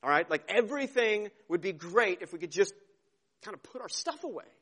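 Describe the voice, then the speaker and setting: A man in his thirties preaching a sermon, earnest and conversational, repeating words and dropping to a hush for tender moments. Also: high-pitched, lively intonation, fairly quick. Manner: earnest, repeats words, swings from emphatic to hushed. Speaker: pastor.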